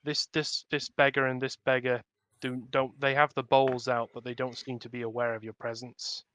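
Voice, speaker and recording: A man narrating as the dungeon master, talking in a halting way with many ums and restarts. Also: medium pitch, little pitch movement, a bit bright, no echo. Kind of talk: narrating a tabletop game.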